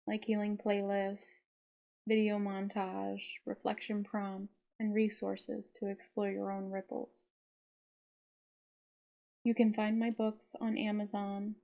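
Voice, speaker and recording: A woman reading her own audiobook in a gentle, heartfelt, unhurried way. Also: mid-range voice, creaky, dull audio. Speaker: author narrating her own book. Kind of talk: audiobook narration.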